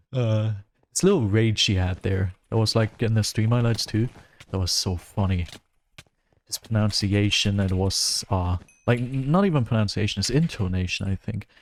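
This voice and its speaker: A man's voice: fairly low pitch, lively intonation, measured pace. A male streamer chatting casually while playing a game, rambling and laughing often. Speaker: gaming streamer. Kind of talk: casual gameplay commentary.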